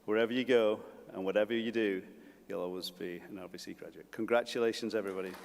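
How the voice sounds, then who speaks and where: A man giving a humorous graduation speech as college principal, with halting restarts, at a lectern in a large hall. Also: on the low side, fairly even intonation, creaky, very noisy. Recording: long reverb of a large hall.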